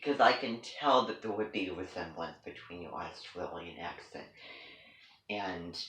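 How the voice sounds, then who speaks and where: A man's voice: low voice, lively intonation, a little slow, fairly bright tone, roomy sound, poor audio. A man vlogging to camera in a rambling, hesitant way, full of ums and false starts, as if chatting with his viewers. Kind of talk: rambling one-sided chat to camera.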